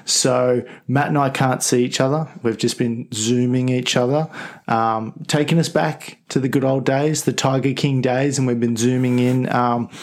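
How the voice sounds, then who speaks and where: A man's voice: mid-range voice, steady tone, normal speed, a little mellow. A man hosting a casual comedy podcast, joking in a mock-bossy, self-important way. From Australia. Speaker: podcast host.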